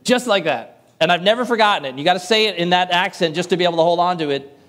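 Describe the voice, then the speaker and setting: Higher-voiced male preacher. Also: very fast, a bit bright. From Northern US. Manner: conversational, self-deprecating humor. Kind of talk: sermon.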